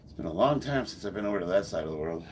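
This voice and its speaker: A man over fifty, a powerlifter, chatting casually on a live stream and reading viewer comments aloud in a relaxed way. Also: low voice, rapid-fire, a little hiss or hum. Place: home gym, indoors.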